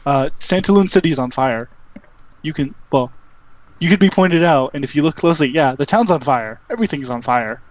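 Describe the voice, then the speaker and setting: A man's voice: on the high side, lively intonation, a little fast. Male GM, casual filler-heavy narration, dull voice-chat sound. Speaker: game master. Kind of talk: narrating a tabletop game over voice chat. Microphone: online call microphone. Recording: lo-fi voice call.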